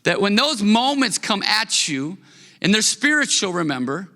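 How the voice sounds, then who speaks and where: A man in his thirties preaching a sermon as a pastor, animated and conversational, often repeating words. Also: sits high, normal speed, big-room sound. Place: church hall.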